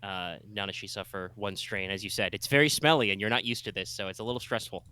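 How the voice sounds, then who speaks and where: A man's voice: lowish voice, fairly even intonation, fast, sharp tone, smooth. A man running a tabletop game as game master, explaining rules in a rambling way with lots of filler words.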